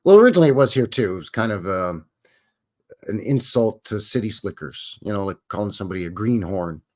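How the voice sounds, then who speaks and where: Low-ish and darkish in tone, this man's voice is expressive and brisk. He's a livestream host from Western Canada, chatting in a rambling way, impersonating quoted voices and taking viewer questions.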